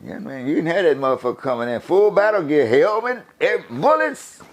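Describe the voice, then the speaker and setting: An older man from the USA telling stories in a casual interview, animated and profane, laughing as he talks. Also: on the high side, fast talker. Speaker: guest storyteller.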